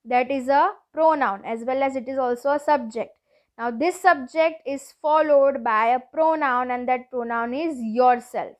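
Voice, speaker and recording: A woman teacher giving a grammar lesson to schoolchildren, explaining each rule slowly and patiently, with lots of repetition. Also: sits high. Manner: slow, deliberate, repeats each rule patiently.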